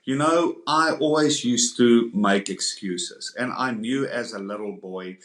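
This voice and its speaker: A man telling his personal testimony as a podcast guest, earnest and animated, acting out the people he quotes. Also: mid-range voice, a little slow. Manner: earnest, acts out quoted voices in the story. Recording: echoey room.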